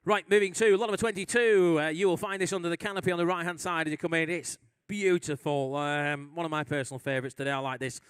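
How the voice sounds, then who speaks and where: A man from England runs a live auction, calling bids with brisk rhythm and teasing asides. His voice is higher than most men's, smooth and clear, and it sits close and dry with almost no room sound. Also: fairly even intonation, no room sound. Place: auction hall at a live sale.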